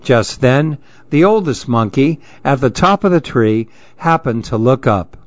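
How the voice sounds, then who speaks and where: A man reads children's stories aloud in a slow, expressive way, his pitch rising and falling a lot. His voice sits a bit high for a man. The recording is dry and somewhat dull. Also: dry recording. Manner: expressive, sing-song reading. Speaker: narrator. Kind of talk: storybook reading.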